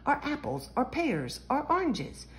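A woman voicing an eager little girl piglet in a storybook read-aloud, talking high and bouncy. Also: huge pitch swings, unhurried, a bit bright, full character voice.

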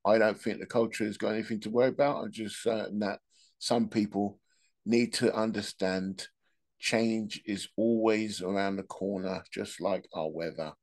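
A man's voice: lowish voice, fairly even intonation, normal speed, a little mellow. A man hosting a podcast, telling rambling, joking anecdotes in a casual monologue. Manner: rambling, joking storyteller who laughs at his own anecdotes. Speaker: podcast host.

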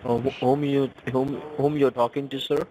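A man's voice: mid-range voice, level tone, moderate pace, dark tone, a little hiss or hum, rough recording. Flustered man. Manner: flustered, defensive. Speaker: scam call center agent. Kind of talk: phone call.

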